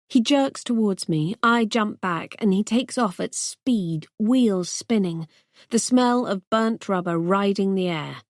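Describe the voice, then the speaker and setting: A woman reads a first-person thriller audiobook in a tense, measured voice. She takes her time, letting each line land slowly. The recording is close and dry, with no room sound behind her. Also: medium pitch, no echo. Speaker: audiobook narrator.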